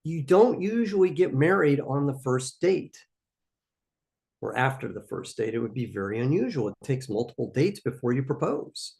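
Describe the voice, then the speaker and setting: A man's voice: medium pitch, sing-song, normal speed, gravelly, darkish tone. A man hosting a live question-and-answer stream for startup founders, giving emphatic, coaching answers and repeating his key points.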